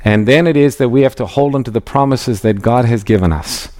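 A man's voice: mid-range voice, a little mellow. Man teaching scripture emphatically. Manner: measured, emphatic, reads scripture aloud. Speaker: Bible teacher. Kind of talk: expository Bible teaching.

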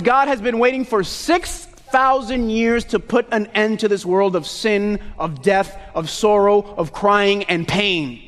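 Preaching loudly and emphatically, a very high-voiced man from Puerto Rico repeatedly asks the congregation to answer him. The sermon echoes through a big hall, trailing a long reverb.

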